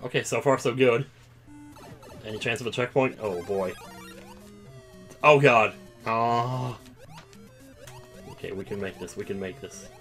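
An excitable man commentating on his own gameplay, his voice sitting in a middle pitch. He mutters to himself, then bursts out loudly when things go wrong. Faint game music plays behind him. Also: a little slow, long pauses. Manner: excitable, swings to loud outbursts. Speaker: let's play gamer.

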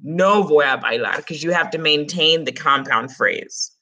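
A woman's voice: deep voice, a little slow, pushed and bright. Woman teaching a class online. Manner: explains step by step, casual teacher talk. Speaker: Spanish teacher.

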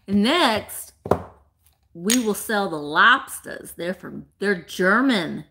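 Chatty, lively woman hosting a live sale. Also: mid-range voice, takes it slowly, background noise. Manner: chatty, playful, laughs often, talks to viewers by name. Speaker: live-sale host selling vintage items. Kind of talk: casual live-stream auction chat.

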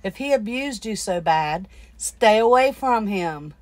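A woman's voice: medium pitch, expressive, unhurried, dry recording. A woman host bluntly telling her guest to get help and stay away. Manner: blunt, scolding advice. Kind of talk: casual chat.

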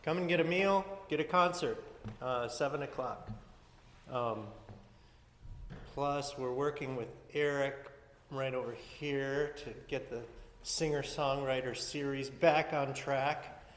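A man's voice: mid-range voice, steady tone, slow pace, fairly bright tone, slight background noise. A man giving church announcements from the front as pastor, chatty and rambling, with many fillers and restarts. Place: church sanctuary. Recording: echoey hall from far off.

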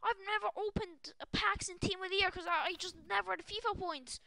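A young woman streaming a video game live, shrieking and excitable, often breaking into shouts. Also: very high-pitched, brisk, gravelly, no echo. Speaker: gaming streamer.

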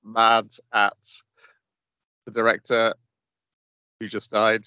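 A man's voice: fairly low pitch, slow, smooth, no room sound, lo-fi sound. A man co-hosting an anime podcast, walking through the plot in casual chat with frequent "uh"s. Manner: steady plot recap with frequent "uh". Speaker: podcast co-host.

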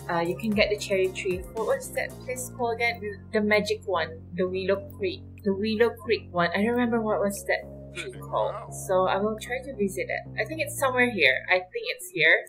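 A woman's voice: mid-range voice, normal speed, poor audio. Chatty woman hosting a game commentary. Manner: chatty and excitable, laughs often and talks to the game characters. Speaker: gaming channel host. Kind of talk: casual let's-play commentary. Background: faint background music.

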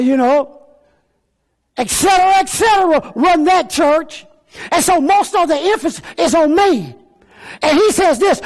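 High-pitched preaching man. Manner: preaching with frequent fillers and repeated phrases; often raises to a shout for emphasis. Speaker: pastor. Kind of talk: sermon. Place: church.

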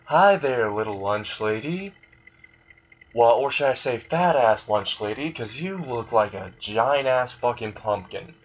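A man's voice: medium pitch, lively intonation, measured pace, dull audio. A man voicing a menacing young man who mocks and threatens people in a profane way. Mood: taunting. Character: menacing young man, cruel, taunting bully.

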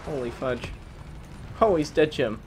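An excitable young man commentating a shooter game live, yelping and swapping his swears for "fudge." His voice sits slightly high and swings widely in pitch. A faint hiss sits under it. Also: measured pace. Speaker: gaming channel host.

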